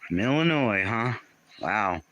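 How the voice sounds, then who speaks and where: Casual male livestream host at home, lowish voice with a sharp edge, chats with and reacts to viewers. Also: expressive, measured pace, muffled recording. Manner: reads out and answers viewer comments, often confused.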